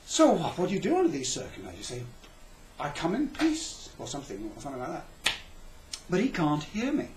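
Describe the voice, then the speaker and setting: A man's voice: fairly high pitch, wildly swooping pitch, quick pace, darkish tone, echoey room, slight background noise, rough recording. A man giving a rambling, comic lecture, chatty and full of self-interruptions.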